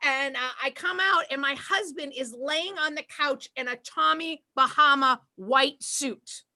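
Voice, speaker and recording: A woman's voice: high-pitched, measured pace, bright, forceful tone. A woman with a Boston accent doing a stand-up set over a video call, brash and self-mocking. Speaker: comedian.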